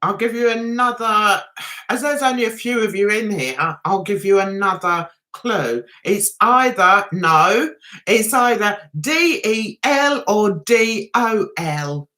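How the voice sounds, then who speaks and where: A woman's voice: mid-range voice, expressive, slow pace, sharp tone. A middle-aged woman with a London accent, hosting a casual livestream and chatting, teasing and giggling with her viewers. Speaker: livestream host.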